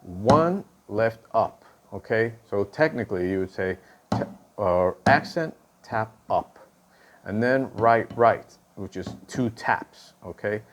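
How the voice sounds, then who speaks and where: A male drum instructor with a lowish voice explains stick technique at a measured pace. He counts and calls out the stickings aloud, checking in with "okay?" after each point.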